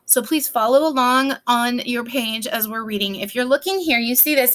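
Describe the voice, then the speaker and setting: A woman's voice: on the high side, normal speed, few pauses, a bit bright. A woman teaching a children's reading lesson, explaining phonics patiently, step by step, with playful examples.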